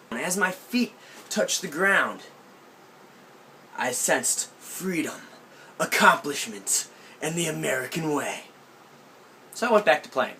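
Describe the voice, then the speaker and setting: Animated young man telling a comic story. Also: on the high side, slight background noise. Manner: animated, playful deadpan storytelling. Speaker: vlogger. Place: aunt's country house.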